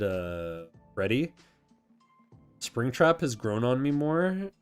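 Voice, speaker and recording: A man's voice: medium pitch, very animated, slow pace, pauses often, smooth, soft background music. A man hosting a casual chat, answering viewer questions in a rambling, self-correcting way and laughing often.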